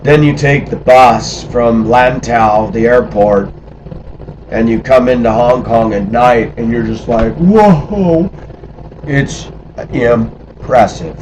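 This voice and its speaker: A man's voice: mid-range voice, darkish tone. Middle-aged man, casual storytelling, acts out quoted voices, noisy background with passing traffic. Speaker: storyteller recalling life abroad.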